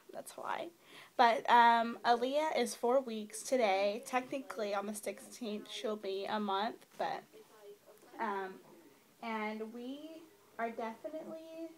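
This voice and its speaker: Young woman, slightly high voice, casual chatter, lots of fillers, camera mic. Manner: chatty, many fillers, rambling. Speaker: new mother vlogger.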